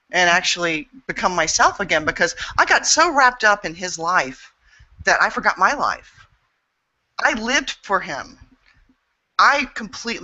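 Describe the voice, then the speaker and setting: A woman's voice: on the low side, sharp tone, dull audio. A woman speaking as an interview guest and intuitive healer, frank and earnest, swearing freely as she talks. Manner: earnest and emphatic. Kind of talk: candid interview talk.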